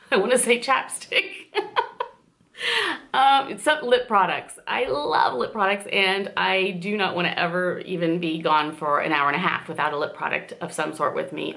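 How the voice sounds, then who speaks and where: A woman's voice: on the low side, vocal fry, fairly bright tone. A woman in her forties from southern Indiana with a slight southern twang, chatting casually to camera at home as she rambles through viewer questions with lots of fillers. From southern Indiana, USA. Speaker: vlogger answering viewer questions.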